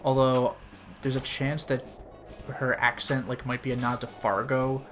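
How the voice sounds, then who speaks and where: A man's voice: mid-range voice, level tone, a little slow, a bit bright, soft background music. A man giving casual, rambling commentary while streaming a game, peppered with fillers. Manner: chatty and rambling, with frequent "like" fillers.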